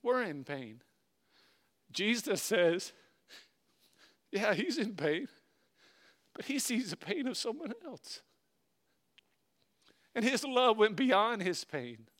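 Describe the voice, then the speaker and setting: A man preaching a sermon and reading scripture aloud, earnestly swinging between loud stresses and hushed, slowed phrases. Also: sits high, very animated. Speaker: pastor.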